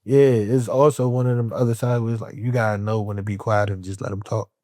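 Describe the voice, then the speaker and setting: Low, mellow-voiced man talking frankly. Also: fast talker, no echo, clean studio sound. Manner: streetwise talk, keeps asking "you know what I'm saying"; animated and laughing when talking about friends. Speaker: podcast guest, poet. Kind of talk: candid conversation.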